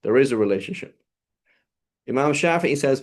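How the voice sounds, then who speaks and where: A man teaching a class on an Arabic legal text. He reads Arabic quickly, explains it in English, restarts sentences often and keeps checking whether the students follow. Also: mid-range voice, a little mellow. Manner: explanatory, often checks understanding with "right?" and "okay?"; hesitant restarts and fillers while searching for words. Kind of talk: classroom lecture.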